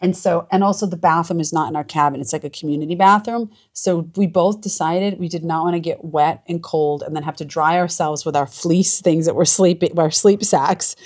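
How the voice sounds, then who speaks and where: A woman's voice: lowish voice, brisk, few pauses, a little mellow. A woman vlogging from a small cabin, chatting in a gushing, emotional way. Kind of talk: casual chat.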